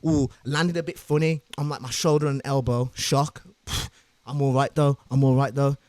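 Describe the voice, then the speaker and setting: A young man telling a wild story as a streamer, swearing, shouting and making sound effects as he goes. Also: mid-range voice, steady tone, moderate pace, no echo. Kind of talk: animated storytelling.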